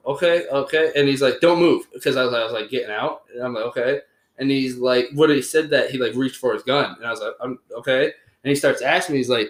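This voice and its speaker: A young man, telling a story as a podcast host in casual, rambling chat full of fillers and swearing. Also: medium pitch. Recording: roomy echoey room.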